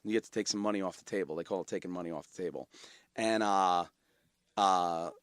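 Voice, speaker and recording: A middle-aged man with a New York accent, a company founder telling a heartfelt story in an interview, animated and full of fillers. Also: low-pitched, brisk, clear, resonant tone, dry recording, clean studio sound. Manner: animated, repeats words, many fillers. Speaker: guest, company founder and CEO. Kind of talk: emotional storytelling in conversation.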